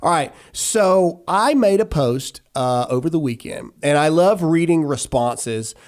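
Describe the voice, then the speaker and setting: A man's voice: a little high, expressive, measured pace. Brash, mocking male podcast host. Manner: brash, mocking, rants with rising shouts. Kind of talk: casual comedic political chat.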